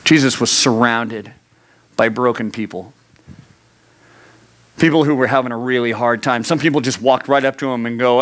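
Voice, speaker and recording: A man's voice: medium pitch, fairly even intonation, normal speed, pauses often. Earnest man preaching to youth. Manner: earnest, swings from raised urgency to hushed intimacy; repeats phrases for emphasis. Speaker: youth pastor. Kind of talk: sermon.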